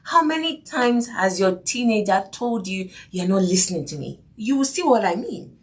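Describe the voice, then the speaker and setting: Her mid-range voice has a sing-song quality at normal speed. Earnestly hosting a faith-based parenting podcast, she repeats key phrases and keeps checking in with "do you see what I mean?"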